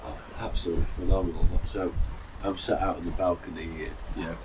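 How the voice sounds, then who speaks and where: A man's voice: deep voice, level tone, brisk. A middle-aged man casually recounting a long run in a rambling, chatty way, full of fillers and restarts, sitting out on a balcony. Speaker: runner vlogger. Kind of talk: casual storytelling. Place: outdoor balcony in the mountains. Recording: distant mic with noisy outdoor ambience.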